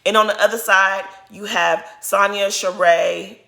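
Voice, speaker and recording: A woman's voice: mid-range voice, steady tone, unhurried, creaky, pushed and bright. A young woman giving casual, sassy commentary on a reality show, blunt and exasperated.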